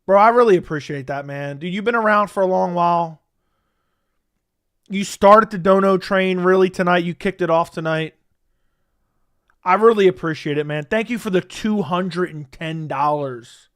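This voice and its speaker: A man's voice: high voice, normal speed, a bit bright, clean tone, no room sound, studio quality. A young man hosting a casual livestream, reading out donations and chatting easily with viewers, often repeating himself.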